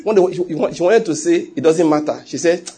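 A middle-aged man preaching a sermon, telling stories with animated quoted voices and frequent laughs. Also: a little high, normal speed, a little hiss or hum. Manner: animated storytelling, laughs often, acts out quotes. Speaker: pastor.

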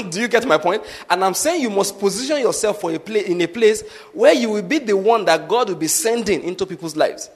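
Preacher guy, kinda high voice, keeps asking are you getting my point. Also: animated, a little fast, slightly rough. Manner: repeatedly asks the congregation if they follow; practical teaching with examples. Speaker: pastor. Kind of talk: sermon.

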